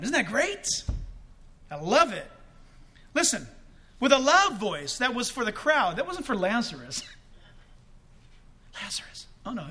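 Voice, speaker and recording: High, bright-voiced animated male preacher. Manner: animated, shouts for emphasis, jokes and laughs. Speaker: pastor. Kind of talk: sermon.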